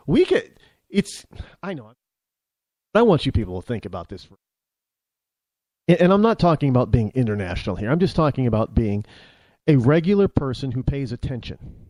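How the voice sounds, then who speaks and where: Rambling American man with a lively voice. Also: a little high, no echo, studio quality. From United States. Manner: rambling, halting, with many restarts. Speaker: talk show host. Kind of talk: opinionated monologue.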